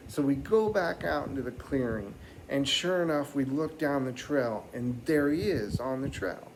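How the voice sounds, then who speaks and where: A man doing stand-up comedy, telling a rambling, animated story and slipping into mock voices. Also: mid-range voice, normal speed, hardly any pauses, slight background noise, rough recording.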